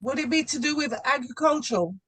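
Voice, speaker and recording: A woman's voice: sits high, lively intonation, fast, fairly bright tone. A woman from England with an English accent, asking questions on a call in a polite, hesitant way.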